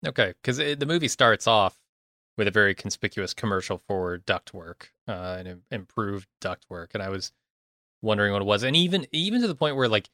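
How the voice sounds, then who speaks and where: A man chats about a film on a podcast, asking questions and tripping over his words as he thinks. His voice is bright and mid-pitched. The recording is dry and close. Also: expressive, fairly quick, dry recording. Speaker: podcast co-host discussing a film. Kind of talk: casual chat.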